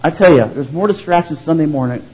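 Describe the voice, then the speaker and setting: A man's voice: a little high, fast, slightly rough, lo-fi sound. A man preaching a sermon as pastor, telling stories and acting out the voices in them. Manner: animated storytelling, acting out voices.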